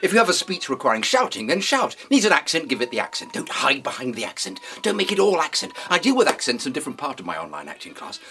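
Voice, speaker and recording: A man giving an acting lesson in a pompous, deadpan, mock-serious way. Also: fairly high pitch, fast talker, few pauses. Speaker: acting teacher. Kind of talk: mock-serious instructional talk.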